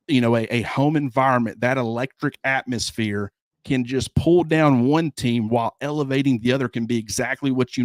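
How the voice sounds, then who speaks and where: A man co-hosting a sports talk show, speaking in a measured, earnest way. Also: medium pitch, dry recording, clean studio sound. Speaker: sports analyst co-host.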